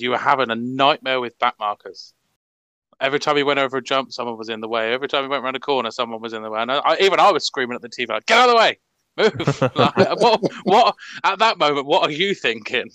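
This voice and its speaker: A man co-hosting a casual chat, retelling moments in an excitable, animated way. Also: mid-range voice, clean tone, dry recording. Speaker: co-host.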